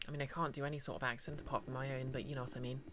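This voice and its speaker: A woman's voice: rumbling low, level tone, racing, background noise. Chatty woman streamer, Midlands-Welsh accent. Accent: mixed Midlands and Welsh. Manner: chatty, reads and answers chat, self-deprecating asides. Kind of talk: live gameplay commentary. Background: game music.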